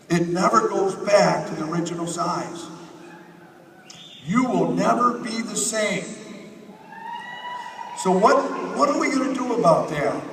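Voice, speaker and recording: A man with a fairly high voice delivers an energetic motivational speech from a stage, rallying the audience with repeated lines. He sounds distant from the microphone, his words ringing through a large, echoing convention hall with a faint hum of room noise underneath. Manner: energetic, rallying the crowd with repetition. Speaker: motivational speaker at a company convention. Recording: echoey hall, picked up from far off.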